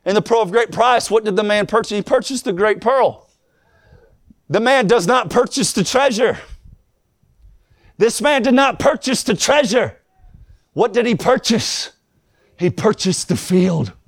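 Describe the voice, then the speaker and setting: A man preaching with a high, gravelly voice, his delivery swinging between soft asides and shouted, almost sung lines. He keeps a rhythmic, sing-song preaching cadence throughout. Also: animated, unhurried, dry recording, clean studio sound. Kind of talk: fiery sermon.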